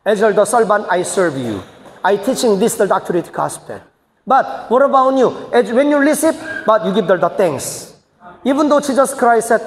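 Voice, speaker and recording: A senior pastor teaches church leaders in a seminar-style sermon, his high, animated voice moving at a moderate pace. His phrasing is choppy and emphatic, rising into bursts, and the hall around him echoes.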